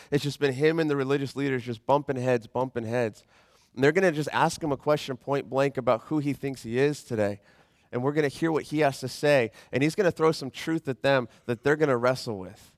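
A man preaching a sermon as pastor in a conversational, animated way, slowing down when he reads scripture. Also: medium pitch, no echo, clean studio sound.

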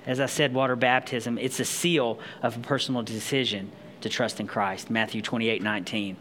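A man preaching a sermon at a middle pitch, moving between read-aloud scripture and casual, emphatic explanation with quick restarts. A faint noise sits under his voice. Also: fairly even intonation, fairly bright tone. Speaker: pastor.

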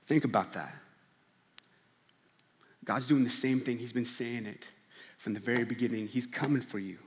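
A man preaching a sermon in an earnest style, often dropping to a hushed, low emphasis. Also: moderate pace, in a large hall. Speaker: pastor.

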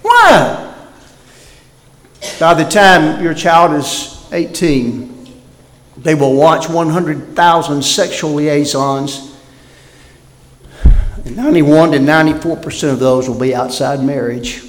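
A man preaching a sermon as pastor, swinging from loud emphatic bursts to quiet, near-whispered lines. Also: fairly high pitch, lively intonation, takes it slowly, long pauses. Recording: roomy hall reverb.

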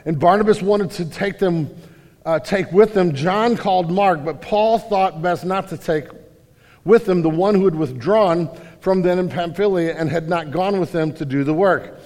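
A man preaching a sermon in a lively, animated way, acting out quotes loudly. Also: sits high, normal speed. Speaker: pastor. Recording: hall reverb.

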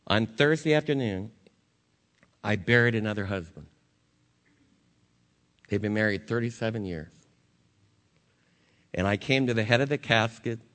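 Low-voiced guy preaching, earnest, gets loud and emphatic then goes soft, leads a prayer too. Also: unhurried, long pauses. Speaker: pastor. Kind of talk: sermon and closing prayer.

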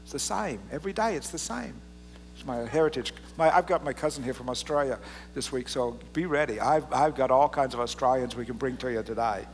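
A pastor preaching a casual, joking sermon and reading scripture aloud with drama. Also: male voice, mid-range voice, fairly quick, long reverb tail, slight background noise. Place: church sanctuary.

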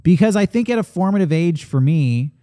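A man's voice: high voice, brisk. A man co-hosting a casual movie discussion, telling stories with energy and acting out the quotes. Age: adult, grew up watching 1980s-90s films. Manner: animated storytelling, acts out quotes. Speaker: podcast co-host.

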